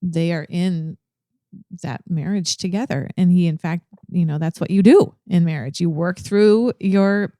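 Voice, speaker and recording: Low, mellow woman discussing scripture. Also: unhurried, dry recording, studio quality. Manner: thoughtful, searching for words with frequent ums. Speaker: co-host of a ministry podcast. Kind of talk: casual Bible study discussion.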